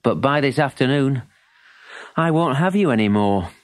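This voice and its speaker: A man playing an eager young gypsy boy on a story tape. His voice sits well above a grown man's, bright and boyish, with a lot of lift and movement. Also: medium pitch, animated, moderate pace, dry recording, studio quality, natural voice. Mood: wistful.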